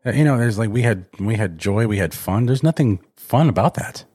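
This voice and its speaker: A man's voice: on the low side, expressive, fairly quick, a little mellow, breathy edge. A man co-hosting a radio show, bantering casually and cracking jokes. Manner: jokey, breaks into impressions.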